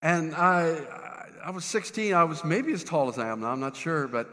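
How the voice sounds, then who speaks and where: A man pastor, telling a self-deprecating funny story in a sermon, animated with lots of restarts. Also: on the high side, moderate pace, long reverb tail. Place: church sanctuary.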